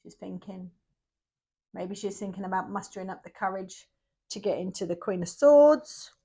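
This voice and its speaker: A woman's voice: mid-range voice, animated, moderate pace, mellow, husky. A middle-aged woman giving a casual tarot reading, chatty and emphatic, repeating herself for effect. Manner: chatty, emphatic and repetitive, with bursts of energy. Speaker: tarot reader.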